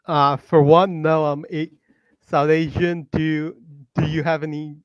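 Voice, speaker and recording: A man joining a live stream remotely, chatting casually and asking halting, hesitant questions. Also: fairly high pitch, flat delivery, clean tone. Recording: dull lo-fi distant mic.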